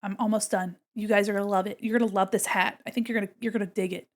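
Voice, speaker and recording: A woman's voice: mid-range voice, steady tone, rapid-fire. A woman art streamer chatting casually and playfully with her viewers while she works on a drawing. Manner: chatty and playful, talks to chat while working.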